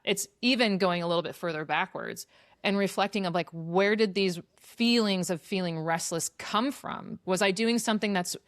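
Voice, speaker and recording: A woman's voice: medium pitch, dry recording, studio quality. A woman hosting a podcast, talking through ideas in a reflective, casual way with many fillers. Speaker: podcast host. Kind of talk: casual conversation.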